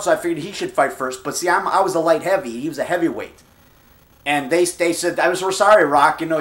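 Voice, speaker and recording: A man's voice: fairly high pitch, a bit bright. A man in his fifties with a Chicago accent, telling a rambling personal story and circling back to repeat himself. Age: 50s. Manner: digressive, repeats himself, trails off. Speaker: vlogger.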